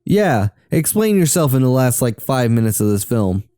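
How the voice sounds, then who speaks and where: A young man with a Southern US accent, co-hosting a casual movie watch-along podcast, quick to agree and easily excited. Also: mid-range voice, dry recording, clean studio sound. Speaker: podcast co-host.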